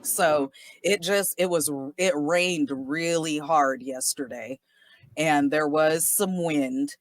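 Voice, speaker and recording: A woman in her thirties from Southern California hosting a casual podcast chat, animated, laughing often and swearing casually. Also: low voice, slow. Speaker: podcast host.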